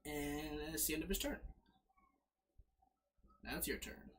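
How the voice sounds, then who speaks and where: A man's voice: on the high side, a little slow. A man casually narrating as game master, fumbling with his setup and correcting himself as he goes. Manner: lively, fumbling with slides, self-correcting.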